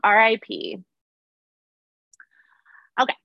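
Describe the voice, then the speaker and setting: A woman's voice: fairly high pitch, huge pitch swings, drawn-out words, creaky, no room sound, highs cut off. A young woman recapping a TV episode in casual chat, laughing often and saying "like" a lot. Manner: chatty, laughs often, fillers like "like". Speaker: podcast co-host recapping a TV episode.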